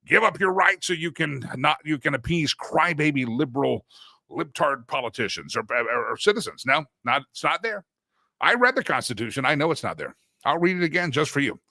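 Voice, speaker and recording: A middle-aged man hosts a casual talk show and riffs on memes with a jokey, animated delivery. His voice sits a little high for a man and sounds bright and forward. The recording is close and dry. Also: fairly quick, vocal fry, no room sound. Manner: jokey, sings a silly jingle between segments; animated, swings from loud to hushed asides.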